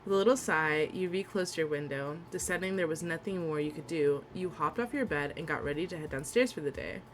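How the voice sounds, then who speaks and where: A woman's voice: deep voice, a little fast, slight background noise. Giggly young woman reading a game aloud. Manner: gushing, giggly reactions between steady reading. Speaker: streamer. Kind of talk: reading a visual novel aloud while playing. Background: faint game music.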